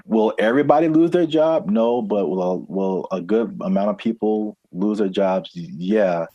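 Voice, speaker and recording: A man's voice: fairly low pitch, unhurried, dark tone, dry recording, dull audio. A man co-hosting a casual podcast, laid-back and often chiming in. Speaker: podcast co-host.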